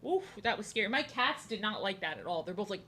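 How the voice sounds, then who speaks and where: A woman's voice: mid-range voice, big pitch swings, quick pace, sharp tone, slight background noise. A young woman streaming from home, rambling and joking as she draws, often repeating herself. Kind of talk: casual chat while drawing. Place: home, indoors.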